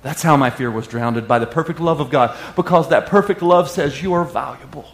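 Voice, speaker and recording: A man preaching a sermon with lively call-and-response and bits of song. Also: fairly high pitch, fairly quick, gravelly. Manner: animated preaching with call-and-response and sung lines. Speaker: pastor. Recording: echoey room.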